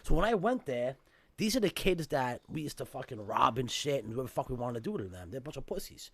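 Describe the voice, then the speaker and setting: New man, fast, profane storyteller, mid-pitched, casual podcast guest. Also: sing-song, creaky, a bit bright, no echo. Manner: emphatic, profane street-style talk.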